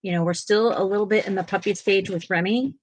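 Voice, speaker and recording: A woman's voice: mid-range voice, fast talker, slightly rough, dry recording. A woman hosting a coloring livestream, chatting casually and talking to her viewers in the chat as she colors. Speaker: livestream host.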